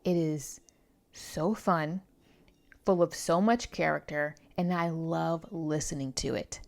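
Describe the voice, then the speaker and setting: A woman's voice: deep voice, slow, gravelly, darkish tone. A young woman reviewing a novel in a casual, chatty vlog, with many asides and self-corrections. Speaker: book reviewer.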